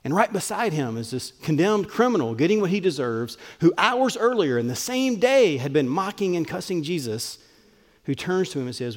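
A man's voice: fairly high pitch, sing-song, moderate pace. Preaching man in a reverberant hall. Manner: earnest, emphatic preaching that drops to soft and tender. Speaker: pastor. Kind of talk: sermon. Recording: long reverb of a large hall.

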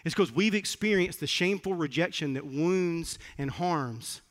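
A man's voice: on the high side, animated, normal speed, fairly bright tone, long reverb tail. A man preaching a sermon as pastor, telling a personal story in an earnest way and repeating words when moved. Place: church sanctuary.

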